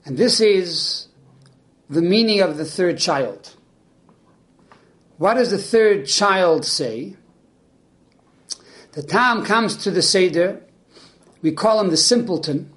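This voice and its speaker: High-voiced man giving a lively religious lesson. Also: slow pace, long pauses. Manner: animated storyteller who acts out the people in his stories. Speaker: religious teacher. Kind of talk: spoken Torah lesson.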